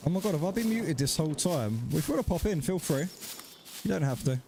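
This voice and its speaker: Male streamer, casual and friendly with viewers, salty language, voice sits a bit high. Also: lively intonation, quick pace, background noise. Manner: chatty, greets and thanks viewers by name, swears freely. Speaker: game streamer. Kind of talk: casual live-stream chat while playing.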